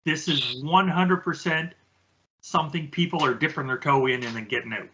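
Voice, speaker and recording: Relaxed man walking through research. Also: on the high side, moderate pace, highs cut off, a little hiss or hum. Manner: relaxed, explains research points step by step. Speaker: podcast co-host. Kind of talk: casual conversational chat.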